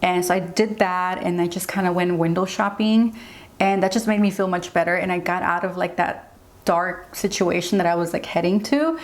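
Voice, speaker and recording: A woman's voice: on the low side, steady tone, normal speed. A young woman speaks to her audience in a get-ready-with-me vlog. She sounds earnest and open. Her speech rambles, with frequent "like"s and unplanned turns. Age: young adult. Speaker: beauty vlogger.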